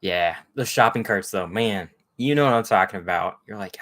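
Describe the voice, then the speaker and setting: Man with a fairly low voice, hosting a casual, rambling live chat. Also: moderate pace, a bit bright. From Texas. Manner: rambling, chatty, greets viewers by name. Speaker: livestream host.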